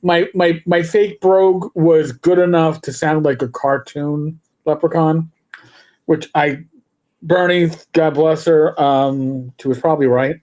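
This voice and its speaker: A man's voice: fairly high pitch, steady tone, a little slow, a little mellow. A middle-aged man chats on a livestream. He rambles through long stories, stammering and restarting as he goes, and drifts into put-on voices when he tells them. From New York City. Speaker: podcast co-host. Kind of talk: casual livestream chat.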